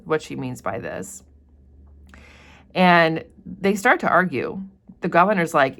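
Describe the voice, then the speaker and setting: Low-voiced woman teaching a novel. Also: lively intonation, a little slow, pauses often. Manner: casual, paraphrasing with "like" and "so". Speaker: literature teacher. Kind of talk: annotated read-aloud of a novel.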